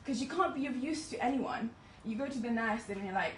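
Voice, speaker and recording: A woman's voice: mid-range voice, expressive, fast talker, hardly any pauses. A woman in her twenties, a medical student, giving a chatty, self-deprecating talk to an audience and laughing often. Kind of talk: presentation to an audience. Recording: echoey room, distant mic, faint noise.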